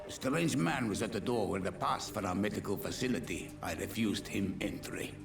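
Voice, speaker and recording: A man's voice: on the low side, normal speed, vocal fry. An actor playing a suspicious, surly male doorkeeper who talks curtly and dismissively, in a video game. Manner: curt and dismissive. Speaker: doorkeeper of a medical facility. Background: game music.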